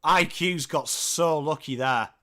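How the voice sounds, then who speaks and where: A man with a Northern English accent hosting a live football watchalong, calling the play and chatting with viewers, swearing casually and shouting at big moments. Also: fairly high pitch, slow pace. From England. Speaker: livestream host.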